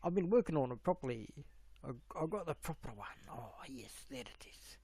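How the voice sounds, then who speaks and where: A man's voice: on the high side, big pitch swings, brisk, vocal fry, warm tone, breathy edge, dry recording. A middle-aged man, rambling on a live stream while he fiddles with his stream settings. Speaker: livestream host.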